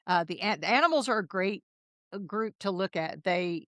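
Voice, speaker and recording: Dry, animated woman telling stories. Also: mid-range voice, moderate pace, no room sound. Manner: animated storyteller who acts out dialogue. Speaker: podcast guest, health coach. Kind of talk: casual interview storytelling.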